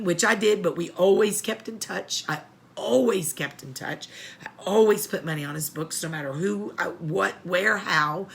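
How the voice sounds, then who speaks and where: Low gravelly woman sharing advice. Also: normal speed, a little hiss or hum. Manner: earnest, repeats herself, emotional and choked up. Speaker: host of an inmate family support show. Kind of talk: heartfelt advice talk.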